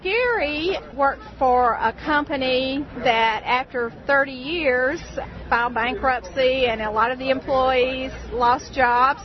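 A woman's voice: high-pitched, slow. A woman with a Mississippi Southern accent, chatting casually in an interview about her husband's restaurant. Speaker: restaurant owner's wife, interviewee. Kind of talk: casual interview at a food festival. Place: outdoor festival crowd. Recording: muffled radio recording amid crowd.

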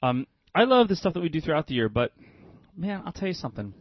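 A man with a fairly high voice banters on a radio show, cracking jokes and ribbing his co-host. The sound is dry, close and a little dull. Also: big pitch swings, fast talker, no echo. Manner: joking, teasing, playful. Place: radio studio.

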